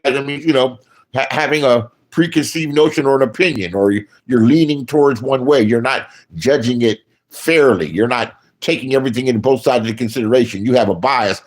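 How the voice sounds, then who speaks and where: A man speaking in a profane, casual commentary rant, his voice jumping loud and high when he mocks people. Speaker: online commentator.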